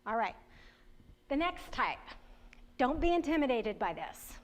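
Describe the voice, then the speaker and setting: Woman, workshop presenter, conversational and chatty, voice a touch high. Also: very animated, unhurried. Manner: conversational, chatty, laughs often, asks the audience questions. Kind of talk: training presentation to parents and educators.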